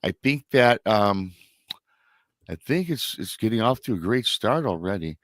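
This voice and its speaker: A man's voice: lowish voice, animated, a little slow, fairly bright tone, no room sound, studio quality. A man from Michigan hosting a live talk show, chatty and prone to restarts. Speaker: show host. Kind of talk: casual live-show chat.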